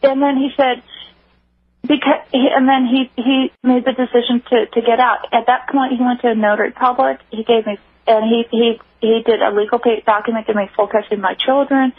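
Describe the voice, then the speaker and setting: Husky-voiced woman over a phone line. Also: a little high, dry recording. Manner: earnest, halting, many restarts. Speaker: radio interview guest. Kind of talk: personal account on a call-in show. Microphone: telephone.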